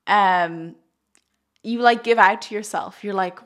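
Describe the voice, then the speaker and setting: A woman's voice: mid-range voice, slow, fairly bright tone. Chatty young woman, effusive. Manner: chatty and effusive, heavy use of "like", frequent laughter. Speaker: spiritual coach and card reader. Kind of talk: casual live-stream talk.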